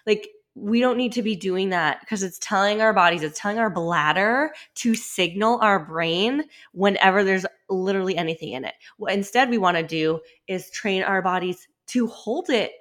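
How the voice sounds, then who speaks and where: A pregnant woman in her thirties hosting a casual solo podcast, talking in a chatty way with lots of "like" and quick restarts. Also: mid-range voice, a bit bright. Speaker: podcast host.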